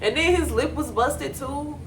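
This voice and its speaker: A young woman giving blunt, profane, animated commentary on a reality show. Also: high voice, a little slow, a little hiss or hum. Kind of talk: casual reaction commentary.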